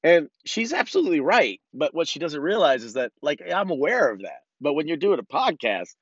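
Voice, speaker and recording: This solo podcast host is a man whose fairly high voice swings widely in pitch, carrying a breathy edge at a normal speed. His delivery is profane and meandering, full of false starts and sudden political rants. The sound is dry, dull, and lo-fi.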